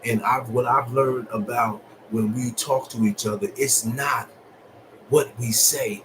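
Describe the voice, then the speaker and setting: Man, casual advice monologue, profane, blunt, laughs a lot, mid-pitched voice. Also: unhurried, noisy background. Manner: profane, blunt street talk with lots of laughing; swings from low and calm to high and loud. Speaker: vlogger.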